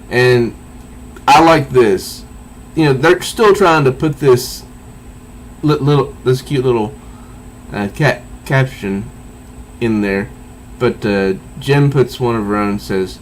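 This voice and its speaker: A man's voice: medium pitch, a little hiss or hum, low-quality recording. A man casually reviewing a comic book, reading panel dialogue aloud with frequent restarts and little chuckles. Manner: halting, restarts, reads dialogue in a flat voice, chuckles at jokes.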